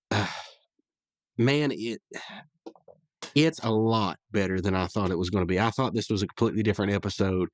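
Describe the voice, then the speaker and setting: A man's voice: on the low side, no echo, clean studio sound. A man hosting a casual podcast, rambling through a cartoon episode recap with frequent chuckles and fillers.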